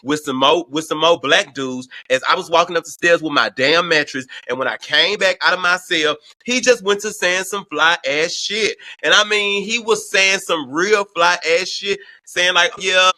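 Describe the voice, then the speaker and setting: A man from Houston hosting a show, telling a wild prison story in a loud, profane, gossipy way. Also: high-pitched, moderate pace, hardly any pauses, dry recording. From Houston, Texas. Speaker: host. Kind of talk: casual storytime commentary.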